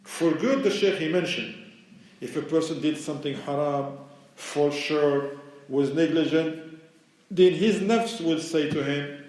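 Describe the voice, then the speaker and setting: A man delivers a relaxed, conversational religious lecture, explaining his points plainly in English with non-native grammar. His voice sits at an ordinary middle pitch. It carries a heavy echo from a large hall, picked up by a microphone set well away from him. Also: a little slow. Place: mosque lecture room. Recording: very echoey hall, mic far away.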